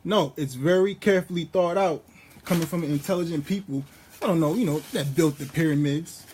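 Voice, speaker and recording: A man with a high-pitched voice delivers a rambling spiritual monologue. He talks in a preachy, profane, street-casual way. When he quotes scripture, he slows down and reads each line deliberately. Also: a little mellow, a little hiss or hum. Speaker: vlogger.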